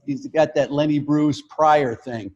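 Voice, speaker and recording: An older comedian from Colorado in casual chat, animated, acting out quotes, with halting restarts. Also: male voice, fairly high pitch, muffled recording. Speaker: guest comedian.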